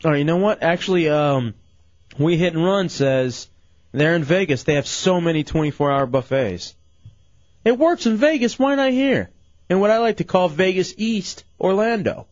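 A man hosting a casual late-night radio show, animated and full of incredulous questions, his voice going hoarse. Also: high-pitched, normal speed, dry recording, muffled recording.

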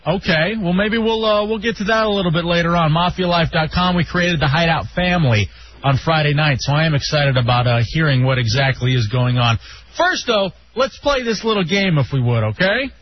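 A man's voice: a little high, fairly quick, a little hiss or hum. A man hosting a casual radio show, joking around and reading promos and phone numbers. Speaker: radio host. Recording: dull lo-fi radio audio with music.

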